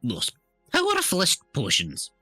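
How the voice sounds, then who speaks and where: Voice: mid-range voice, wildly swooping pitch, a little slow, pushed and bright, husky, soft background music, pitched above the performer's own voice, full character voice. A player voicing a drunk adventurer in a put-on Scottish accent, rambling and slurring during a tabletop game. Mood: tipsy rambling. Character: drunk mushroom-sprouting adventurer Lugus. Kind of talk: tabletop role-play in character.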